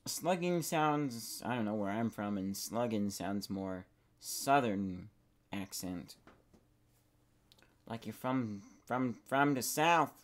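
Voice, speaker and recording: A young man rambling and musing aloud while playing a game, often trailing off mid-thought in a soft, casual voice. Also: on the low side, lively intonation, slow pace. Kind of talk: casual gaming commentary.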